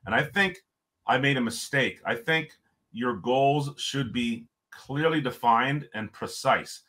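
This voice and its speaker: A middle-aged man, a podcast guest, telling a story in a lively way and chuckling often. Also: mid-range voice, slow. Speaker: podcast guest, former hockey coach. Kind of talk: storytelling in conversation.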